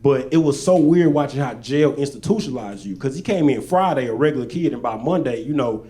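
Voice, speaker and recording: Guy doing standup, chill deadpan asides, regular middle voice. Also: medium pitch, brisk. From Little Rock, Arkansas. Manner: laid-back, deadpan asides. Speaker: stand-up comedian. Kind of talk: stand-up storytelling. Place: stage at a live show.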